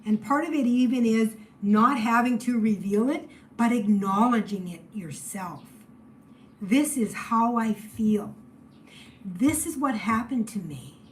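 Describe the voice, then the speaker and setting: A woman giving a spiritual tarot reading, emotional and shifting between loud exclamations and hushed near-whispers. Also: fairly high pitch, slight background noise, poor audio. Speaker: tarot reader.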